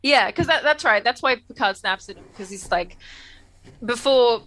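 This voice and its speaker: Casual podcast co-host, woman, bright and lively, acts out characters mid-chat. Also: a little high, normal speed. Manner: animated, acts out characters' lines with swearing. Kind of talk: casual chat recapping an episode.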